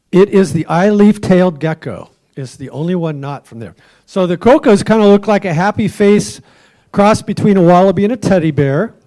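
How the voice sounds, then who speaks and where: A man's voice: sits high, mellow. A man hosting a trivia quiz at a club meeting, joking with the tables and offering hints for a dollar.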